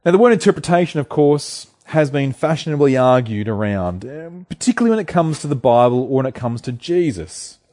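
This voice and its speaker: Mellow-voiced male preacher. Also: mid-range voice, very animated, brisk, hardly any pauses. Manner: earnest, explanatory, with fillers and restarts. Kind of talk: sermon.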